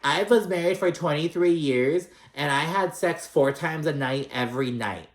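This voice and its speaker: A man's voice: on the high side, moderate pace, reverberant, pitched above the performer's own voice, natural voice. A man doing a mocking impression of a boastful reality-show woman, exaggerated and sneering.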